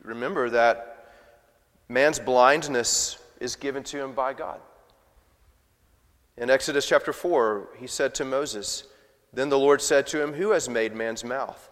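A man's voice: a little slow, pauses often. Man preaching in an echoing hall. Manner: swings from loud emphatic preaching to quiet, low asides. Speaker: pastor. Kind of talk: sermon. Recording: long reverb of a large hall.

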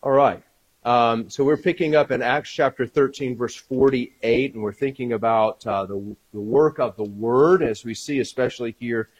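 A man's voice: medium pitch, moderate pace, lo-fi sound. A male pastor leading a prayer and then preaching a conversational sermon, with frequent fillers, restarts and personal stories. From Alabama, US.

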